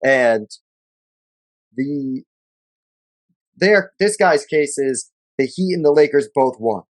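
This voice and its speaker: A man's voice: mid-range voice, animated, slow, long pauses, no room sound. A man co-hosting a sports podcast, joking and swearing casually, reading out news articles. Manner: joking, profane, reads articles aloud. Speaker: podcast co-host.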